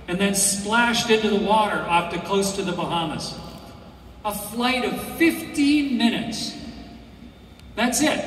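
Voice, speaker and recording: A man's voice: high-pitched, fairly bright tone, a little hiss or hum. A man in his sixties giving a commencement speech to graduates, telling stories earnestly with frequent restarts. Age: 60s. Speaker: graduation speaker. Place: large hall. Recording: echoey hall from far off.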